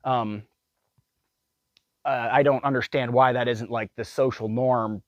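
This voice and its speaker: A man's voice: medium pitch, steady tone, measured pace, no room sound, dull audio. A man ranting in a casual vlog monologue, blunt and profane, rambling with many restarts. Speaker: vlogger.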